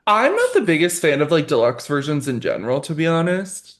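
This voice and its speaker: A woman's voice: deep voice, very animated, fairly quick. A woman co-hosting a podcast, blunt and gossipy, swearing freely. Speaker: podcast co-host. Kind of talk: casual chat.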